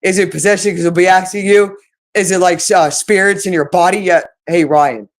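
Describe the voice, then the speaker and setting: A woman's voice: lowish voice, fairly even intonation, a little fast. A woman hosting her own channel, delivering an agitated, accusatory, profanity-laced monologue. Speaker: channel host. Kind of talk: unscripted monologue to camera.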